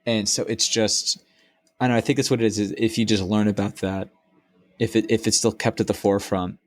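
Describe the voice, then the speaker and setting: A young man co-hosting a casual podcast, rambling and profane as he tells animated stories. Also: on the low side, fairly quick, dry recording. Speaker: podcast co-host. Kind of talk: casual chat.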